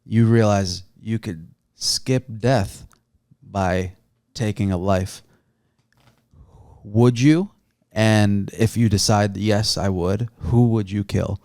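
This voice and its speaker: A man's voice: on the low side, fairly even intonation, takes it slowly, darkish tone, dry recording, clean studio sound. A man co-hosting a casual podcast, teasing his friends and posing joking hypothetical questions. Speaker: podcast co-host. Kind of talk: casual chat.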